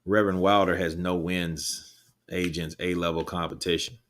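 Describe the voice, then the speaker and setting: A man's voice: low voice, little pitch movement, moderate pace, a bit bright. A man hosting a boxing livestream, chatting loosely with viewers, rambling, swearing and laughing between thoughts. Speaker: livestream host reading chat. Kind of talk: casual live chat commentary.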